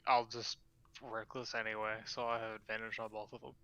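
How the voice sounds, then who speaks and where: Bright-voiced man describing his attack. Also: lowish voice, little pitch movement, a little fast, highs cut off, slight background noise. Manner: confident, describing his moves. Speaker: player. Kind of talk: casual tabletop play.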